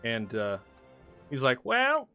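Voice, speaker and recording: A man's voice: medium pitch, moderate pace, fairly bright tone, faint music behind. Casual man narrating as game master. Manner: casual, rambling narration with fillers.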